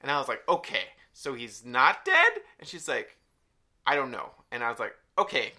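Bright-voiced man telling a story. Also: medium pitch, moderate pace. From Hispanic background stated, no country. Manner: animated storytelling, laughs often. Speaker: podcast co-host. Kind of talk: casual chat.

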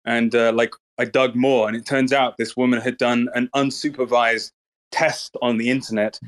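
A man talking in a casual online audio chat, with a blunt and mocking manner and plenty of swearing. His voice sits at an ordinary middle pitch. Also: a bit bright. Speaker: Twitter space speaker.

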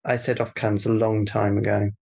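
A man's voice: fairly low pitch, little pitch movement, normal speed, creaky, a little mellow, slightly rough, highs cut off. A man co-hosting a comedy podcast, bantering in a dry, teasing way. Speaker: podcast co-host.

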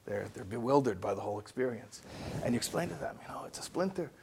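A man giving an animated lecture, telling stories and asking rhetorical questions. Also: fairly low pitch, fast talker, creaky, noisy background. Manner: storytelling with rhetorical questions and acted-out dialogue.

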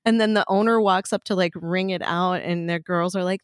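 A woman's voice: lowish voice, steady tone, a little fast, hardly any pauses, no echo, studio quality. A middle-aged woman co-hosting a casual chat, telling stories with frequent laughter and free swearing. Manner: chatty storyteller, laughs often, swears freely. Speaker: podcast co-host.

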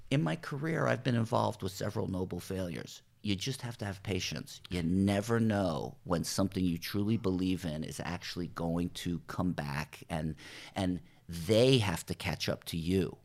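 A middle-aged man from New Jersey, a TV showrunner, telling animated stories in a podcast interview and acting out what people said. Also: low voice, normal speed, vocal fry. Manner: animated anecdotes, acts out quoted voices, swears casually. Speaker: TV writer and showrunner, podcast guest. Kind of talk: casual storytelling interview.

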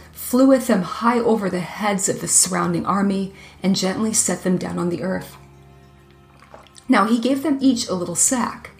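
A woman narrating a fairy tale in an even, measured reading. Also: medium pitch, gravelly. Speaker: storyteller.

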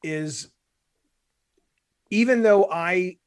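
An animated man from Alabama talks shop in a casual conversation, acting out little quoted scenes and swearing freely. His voice sits a bit higher than most men's, and the sound is close and dry. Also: very slow, no echo. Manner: animated, profane, acts out quotes. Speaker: game developer guest.

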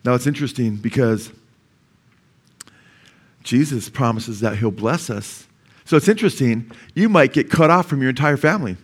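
A man's voice: medium pitch, lively intonation, moderate pace, pauses often, slightly rough. A middle-aged male pastor giving a conversational sermon, mixing personal stories with scripture and asking "amen?" often. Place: church.

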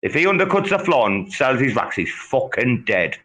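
A man's voice: medium pitch, very animated, normal speed, fairly bright tone. A man hosting a casual live audio chat, swearing, joking and laughing through his talk. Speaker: host.

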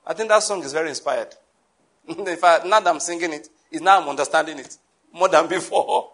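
A man preaching a sermon, emphatic, repeating key phrases and sometimes bursting into shouts. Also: on the high side, brisk.

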